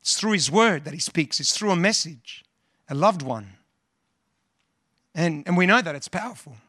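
Brief: male pastor delivering a sermon, earnest, repeats himself, bright and forward tone. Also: on the high side, animated, moderate pace, dry recording, clean studio sound. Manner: earnest, repeats words, quotes scripture and hymns.

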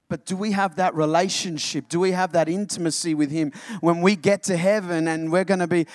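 A male pastor with a slightly raised pitch delivers an animated sermon, repeatedly calling out to his congregation. The sound is dry and close, with little room echo. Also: moderate pace. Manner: animated preaching, addressing the congregation as church.

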